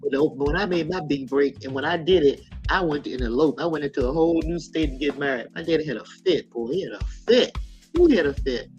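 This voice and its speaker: A woman's voice: low-pitched, animated, fast, darkish tone, muffled recording, soft background music. A woman in her sixties hosting a casual live chat, talking frankly in a folksy way and laughing often. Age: 60s. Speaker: live stream host.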